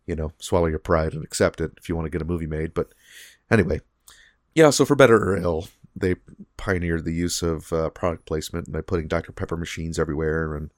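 Low-voiced man rambling on a podcast. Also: dry recording, clean studio sound. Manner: rambling, many fillers and restarts. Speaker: podcast co-host. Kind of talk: casual podcast chat.

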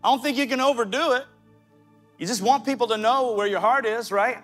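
A man with a Southern US accent preaching a sermon, talking directly to his listeners with quick asides. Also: very high voice, faint music behind. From American South. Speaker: pastor.

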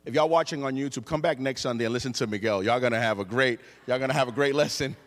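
A man's voice: medium pitch, fast talker. A man preaching a storytelling sermon to his church, jokey and engaging, calling on the congregation to answer him. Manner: lively, jokey, audience call-and-response. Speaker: pastor. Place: church sanctuary. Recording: long reverb in a church hall.

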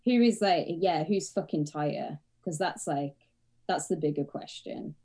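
An English woman co-hosting a comedy podcast, relaxed and chatty. She talks in a frank, wry manner with plenty of swearing and easy laughs. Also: sits low, a little slow. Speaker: podcast co-host. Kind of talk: casual comedic chat.

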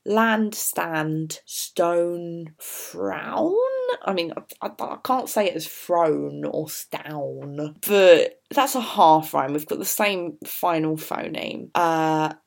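A woman's voice: sits low, slow, gravelly, few pauses. A woman teaching a poetry lesson on a podcast, chatty and enthusiastic, dropping into whispers for asides. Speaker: English literature teacher.

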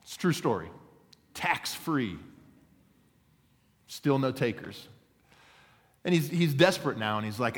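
A man's voice: mid-range voice, animated, unhurried, long pauses. A man, a pastor, preaching a sermon, telling stories and acting out quotes, and asking the congregation for an amen. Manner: storytelling with acted quotes, asks for an amen. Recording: long hall reverb.

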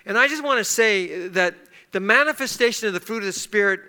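A man's voice: sits high, lively intonation, brisk, sharp tone, clear, resonant tone. A middle-aged man preaching a sermon, telling a personal story in a conversational way, with fillers and restarts. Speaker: pastor.

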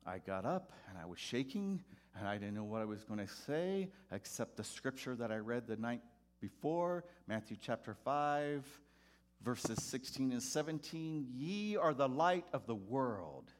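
Lively man telling a story. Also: mid-range voice, moderate pace. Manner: lively, swings between hushed and loud. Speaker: preacher telling his story. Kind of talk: storytelling talk to an audience.

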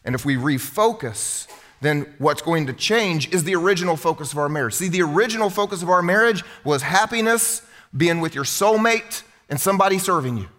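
A man preaches in a church sanctuary with a high, carrying voice. He is animated and keeps putting questions straight to his congregation. A long reverb hangs on every phrase. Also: fairly quick. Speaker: pastor. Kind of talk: sermon.

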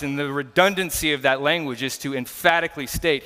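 A man's voice: fairly high pitch, brisk, hardly any pauses, pushed and bright. A man preaching a conversational sermon as a pastor, earnest and explanatory as he walks through scripture in a church. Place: church sanctuary. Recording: long church reverb.

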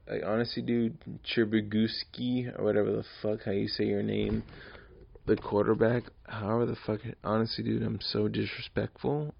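A man's voice: fairly low pitch, gravelly, husky. A drunk man in his early twenties hosting his own podcast alone, rambling, swearing and repeating himself. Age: 20s. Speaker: podcast host. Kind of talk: casual solo podcast rant. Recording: dull lo-fi recording.

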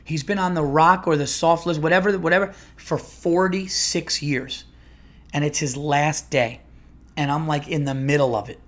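A man's voice: fairly high pitch, fairly even intonation, normal speed, a bit bright. A man, a comedian and podcast host, telling a rambling, profane story with many restarts. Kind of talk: casual storytelling monologue.

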